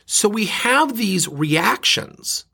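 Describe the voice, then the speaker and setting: A man giving a motivational talk about resilience, telling a personal story in an animated, emphatic way. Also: extremely slow, gravelly, husky. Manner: animated storyteller, swings from loud emphatic highs to low quiet asides. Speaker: speaker and workshop coach.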